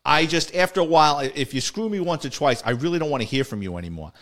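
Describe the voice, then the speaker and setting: Rambling middle-aged New ex-cop storyteller. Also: male voice, fairly high pitch, expressive, fast, a bit bright. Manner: rambling, self-correcting, acts out quoted dialogue. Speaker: retired police officer telling stories. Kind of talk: casual podcast storytelling.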